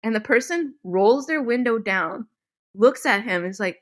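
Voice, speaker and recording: A young woman podcast host telling a story in a casual chat, animated and laughing often, with some swearing. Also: on the high side, normal speed. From Midwestern United States.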